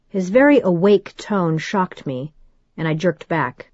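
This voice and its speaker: A woman narrates a first-person novel in a measured, steady way. Her voice sits on the lower side. The recording is dry with a slightly muffled, dull tone. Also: no room sound. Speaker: audiobook narrator.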